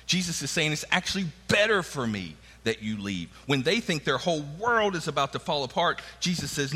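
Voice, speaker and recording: Bright-voiced male preacher in a reverberant hall. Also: on the high side, sing-song, brisk, few pauses, husky. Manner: conversational preaching, acting out quoted dialogue. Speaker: pastor. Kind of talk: sermon.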